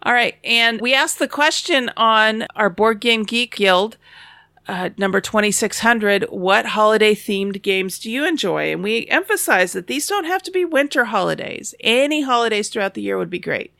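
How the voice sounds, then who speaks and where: A woman's voice: fairly high pitch, expressive, moderate pace, creaky, sharp tone, dry recording, clean studio sound. A woman co-hosting a board game podcast, explaining game rules in a casual, self-deprecating way. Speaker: podcast co-host.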